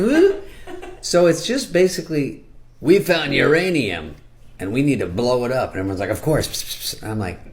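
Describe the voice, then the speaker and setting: An older man doing a sarcastic, deadpan comedy riff, slipping into quick high-pitched impressions. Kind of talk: comedic monologue.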